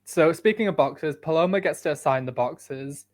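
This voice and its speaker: A man's voice: on the high side, normal speed. A man from the United Kingdom co-hosting a podcast, chatting casually with dry, sarcastic asides. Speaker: podcast co-host. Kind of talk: casual chat.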